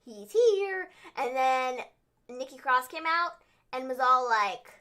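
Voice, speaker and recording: A young woman co-hosts a casual livestream recap. She talks chattily, with plenty of fillers and little acted-out voices. Her tone is bright and sits a bit high. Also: takes it slowly. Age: young adult. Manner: chatty, filler-heavy, acts out quotes in silly voices. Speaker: wrestling show co-host.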